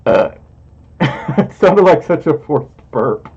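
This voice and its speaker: A man's voice: a little high, lively intonation, takes it slowly, darkish tone, slightly rough. A man hosting a casual livestream, chatty and giggly, reading out donations through a muffled mic. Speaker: livestream host. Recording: muffled lo-fi audio.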